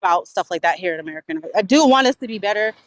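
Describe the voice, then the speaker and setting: A woman's voice: mid-range voice, expressive, low-quality recording. A woman hosting a casual livestream discussion, talking emphatically and swearing freely. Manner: emphatic, profane, quick. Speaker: stream host.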